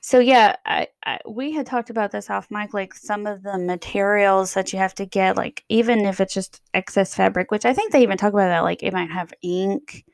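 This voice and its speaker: A woman's voice: mid-range voice, fairly even intonation, brisk, gravelly, hardly any pauses, dry recording. A woman with a Southern American accent, co-hosting a podcast in casual chat, chatty and prone to restarts. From Southeastern United States. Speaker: podcast co-host.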